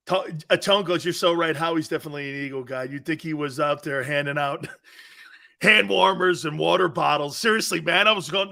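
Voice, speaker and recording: A man hosts a casual sports talk show with a high, bright, forceful voice. He riffs in a mocking tone and breaks into laughter often. He drops into quick impressions of the people he talks about. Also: creaky.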